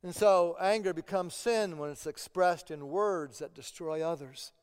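Guy preaching a sermon, kinda high smooth voice, big echoey church hall. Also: unhurried. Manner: earnest, repeats words when stressing a point. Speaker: pastor. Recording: long hall reverb.

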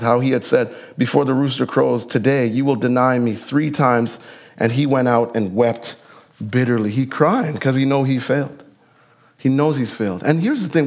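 A man preaching a sermon in a conversational, animated way, acting out Bible characters with casual asides. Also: medium pitch. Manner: conversational, uses slang and fillers. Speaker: pastor.

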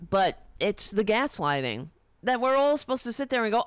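A profane, sarcastic woman ranting with lively pitch. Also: moderate pace, clear, resonant tone, no echo. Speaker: political commentator. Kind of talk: angry political rant.

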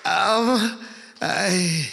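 Male pastor, slow deliberate sermon, bright forceful voice, reverberant church hall. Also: sits high, gravelly, slight background noise. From Uganda. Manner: animated storytelling with acted quotes and laughter. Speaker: preacher.

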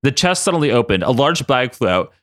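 A male podcast host narrates a silly adventure story with lively, animated intonation. His manner is playful. The recording is dry and close. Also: medium pitch, fairly quick, dry recording. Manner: playful, animated, laughing often.

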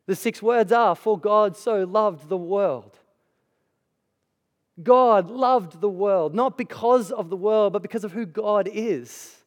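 A man delivering a conversational sermon as a pastor, emphatic and chatty, with asides to the congregation. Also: high voice. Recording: hall reverb.

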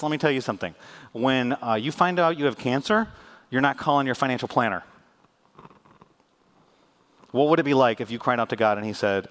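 Male pastor, lively delivery with a wide pitch range, playful and sarcastic while preaching to his church. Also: a little fast. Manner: animated, joking, with sarcastic asides. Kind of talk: sermon. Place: church in front of a congregation.

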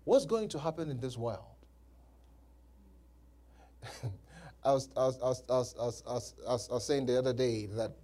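Lively, animated male pastor preaching. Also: mid-range voice. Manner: preaching with call-and-response, repeats phrases, laughs between points. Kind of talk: sermon. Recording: live church service.

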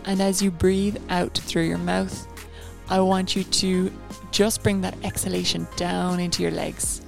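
A woman's voice: lowish voice, flat delivery, measured pace, creaky, faint music behind. A woman coaching a guided running session, chatty and encouraging, given to rambling asides.

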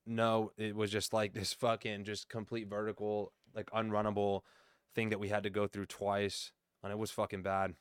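Low, smooth-voiced man swearing casually. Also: level tone, moderate pace, no room sound, clean studio sound. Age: 30s. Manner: loose, profane storytelling. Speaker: podcast guest. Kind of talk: casual chat.

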